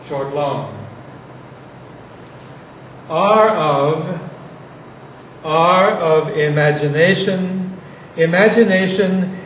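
A poetry teacher with a slightly high voice leads a class on reading verse aloud, reciting lines slowly and deliberately with heavy stress on key words. He's recorded from far off in a very echoey room with faint background noise.

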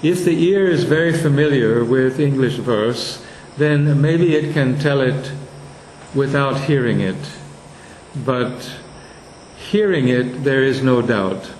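A man teaching a lesson on verse meter, slowly sounding out and repeating words to show where the stress falls. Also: mid-range voice, a little mellow, echoey room, a little hiss or hum, rough recording.

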